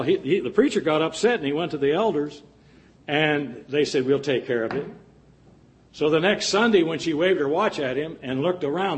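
A male preacher giving an earnest sermon, with folksy jokes and asides to the congregation. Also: on the high side.

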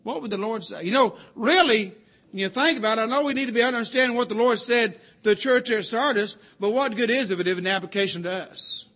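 High, bright-voiced man preaching a sermon. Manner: earnest, repeats key phrases with slow emphasis.

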